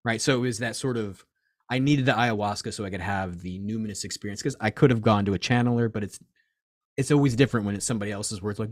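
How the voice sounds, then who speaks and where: Man in his forties, low voice, dry sound, rambling swearing storyteller in an interview. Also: fast talker, no room sound. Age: 40s. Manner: rambling, animated, swears often, acts out quoted voices. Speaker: crystal and reiki shop owner, guest. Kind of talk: casual interview chat.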